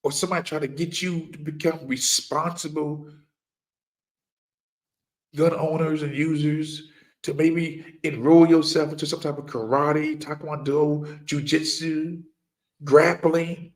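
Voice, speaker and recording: Forceful, preachy man, slow and emphatic. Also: a little high, steady tone. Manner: emphatic, repeats key lines for effect; rhetorical questions to listeners. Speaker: firearms trainer. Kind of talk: impassioned preaching monologue.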